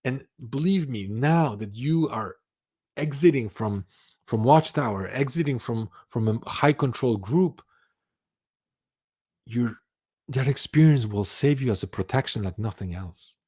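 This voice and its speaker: Emphatic man giving forceful advice. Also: medium pitch, expressive, unhurried, slightly rough. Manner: emphatic, insistent, repeats key phrases. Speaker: channel host giving advice. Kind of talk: motivational talk to camera.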